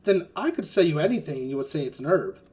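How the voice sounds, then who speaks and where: A man's voice: a little high, sing-song, fast talker, a little mellow. A man voicing a bored, condescending woman herb seller in her twenties during a tabletop game. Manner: dry, sarcastic put-downs. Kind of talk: tabletop role-play in character.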